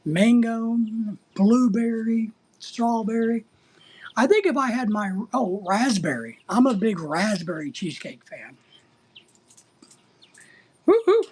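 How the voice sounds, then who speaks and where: A man's voice: high-pitched, expressive, unhurried, husky. A middle-aged man hosting a casual livestream, reading out chat and rambling in a crude, joking way.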